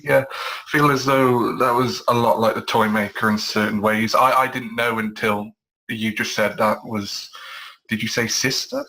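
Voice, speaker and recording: Low, clear-toned man weighing things up calmly on a video call panel. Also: normal speed, rough recording. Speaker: podcast panelist. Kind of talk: casual review chat.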